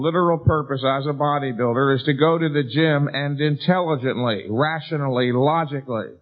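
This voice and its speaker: A middle-aged man giving a bodybuilding seminar lecture, emphatic and lecturing, with rhetorical questions to a live audience. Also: fairly high pitch. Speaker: seminar speaker. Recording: tinny lo-fi 1990s lecture recording.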